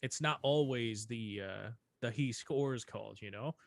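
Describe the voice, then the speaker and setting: Animated young man in a dry room. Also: mid-range voice, unhurried, creaky, no echo. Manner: animated, laughs often, swears casually. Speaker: podcast co-host. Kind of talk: casual chat.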